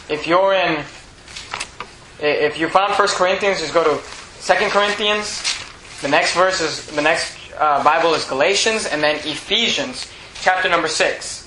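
A man's voice: a little high, pushed and bright, a little hiss or hum. A man preaching a sermon as pastor, emphatic and repetitive, in a church sanctuary. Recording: echoey room.

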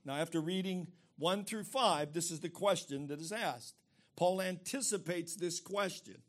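A man's voice: sits high, measured pace. A man preaching a sermon, explaining terms plainly and pressing his points with emphatic rhetorical questions.

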